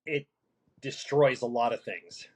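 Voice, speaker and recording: A man who works as a paramedic, talking through a casual podcast conversation in a halting way, with many restarts and fillers. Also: medium pitch, poor audio. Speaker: paramedic guest.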